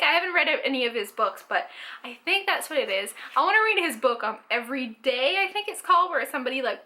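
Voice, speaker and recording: A young woman from Canada talks through a casual book haul vlog. Her voice sits high and sounds sharp and bright. She chats eagerly, full of likes and ums. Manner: chatty, enthusiastic, lots of fillers. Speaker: book vlogger.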